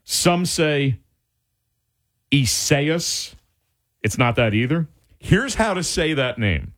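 A man hosting a radio talk show, chatting casually in an animated, rambling way with restarts. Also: on the high side, measured pace. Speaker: radio host.

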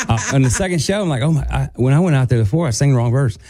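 A country singer and guest co-host telling a backstage story in casual chat, acting out quotes with a raised voice. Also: male voice, fairly quick, faint music behind. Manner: animated, acts out quotes in a higher voice.

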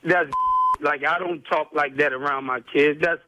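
A man's voice: fairly high pitch, steady tone, moderate pace, sharp tone, slight background noise. A man on the phone, speaking in streetwise slang, swearing and repeating himself over and over. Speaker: prank call target. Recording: muffled phone line.

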